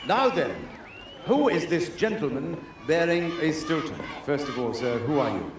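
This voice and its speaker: A man's voice: a little high, sing-song, normal speed, echoey room, crowd noise, noisy background. A man hosting an outdoor game show, speaking in a formal, theatrical way.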